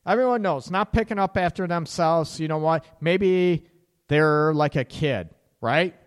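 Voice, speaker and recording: A man hosting a relationship advice radio show, blunt and animated, with sarcastic asides and casual swearing. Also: on the high side, measured pace, smooth, big-room sound.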